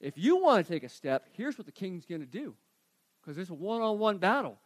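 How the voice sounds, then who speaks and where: A man preaching a sermon, retelling scripture in an animated, conversational way. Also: high voice, brisk, no room sound. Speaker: pastor.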